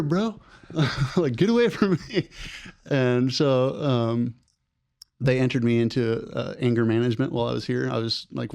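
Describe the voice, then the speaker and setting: Gravelly-voiced young man telling his story. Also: medium pitch, no echo, studio quality. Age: young adult. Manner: rambling, animated when quoting others. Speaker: guest, former program participant. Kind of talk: casual storytelling interview.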